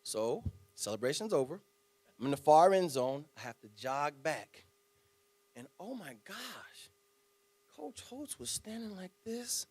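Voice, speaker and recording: A man giving a speech to a club audience, telling a story in an animated, dramatic way with spoken sound effects. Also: on the high side, normal speed. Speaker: guest speaker.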